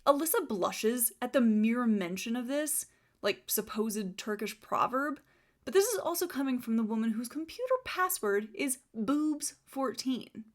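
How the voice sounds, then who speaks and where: A woman's voice: a little high, expressive, unhurried. A young woman reviewing a book she dislikes, sarcastic and exasperated, often reading passages aloud.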